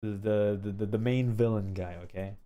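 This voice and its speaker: A man streaming casually, telling a story with animated shouted sound effects and frequent filler check-ins. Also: on the low side, normal speed, muffled recording.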